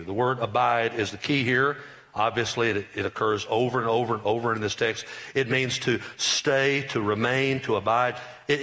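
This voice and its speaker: A middle-aged pastor preaching a sermon in a folksy, joking, emphatic way, calling out to the congregation. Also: male voice, mid-range voice, bright, forceful tone.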